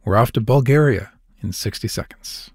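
A male classical radio announcer with a mid-pitched voice speaks in an easy, conversational tone. The sound is close and dry, like a studio booth with no room echo. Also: normal speed.

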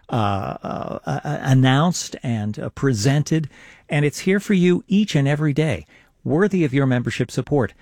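A man on the radio urging listeners to become members, speaking in an earnest, persuasive way. His voice is of middling pitch. The recording is close and dry, with no room sound. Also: a little mellow, dry recording. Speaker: radio co-host. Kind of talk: on-air fundraising appeal. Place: radio studio. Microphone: studio microphone.

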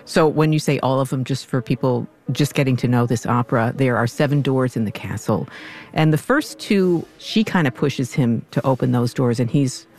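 Brief: male host, gravelly voice, steady guiding questions, faint music behind. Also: medium pitch, normal speed. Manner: guiding, asks clarifying questions for listeners. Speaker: interview host. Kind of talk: conversational interview.

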